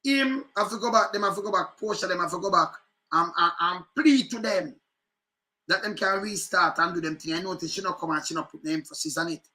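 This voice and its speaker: A man with a Jamaican accent giving casual, animated commentary on political news clips, often repeating phrases. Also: high voice, a little fast.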